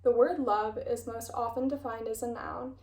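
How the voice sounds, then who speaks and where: A woman's voice: fairly high pitch, steady tone, normal speed, a little mellow, far from the mic. A young woman talking casually in a video essay and reading passages aloud. She chats and interrupts herself with playful asides, and she sounds a little out of breath. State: slightly out of breath. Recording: echoey room, voice a bit off-mic.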